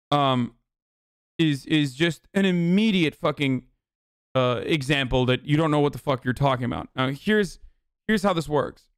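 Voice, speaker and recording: An animated, smooth-voiced man delivers political commentary on a livestream, recorded at studio quality without echo. Heated and profane, he rants rapidly and puts on a sarcastic high voice to mock his chat.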